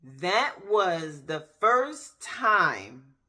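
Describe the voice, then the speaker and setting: A woman in her thirties giving a candid personal faith testimony, talking straight to her viewers with pauses and restarts. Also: fairly low pitch, very animated, pushed and bright. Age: 30s. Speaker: faith vlogger. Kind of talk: personal faith testimony, casual talk to camera.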